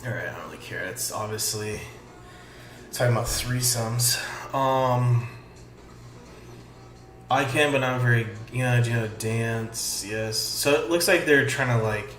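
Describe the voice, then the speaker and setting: A man casually reading a chat log aloud and giving sarcastic, profane comments on it. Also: medium pitch. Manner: sarcastic, swears, reads lines flatly. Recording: echoey room with faint music.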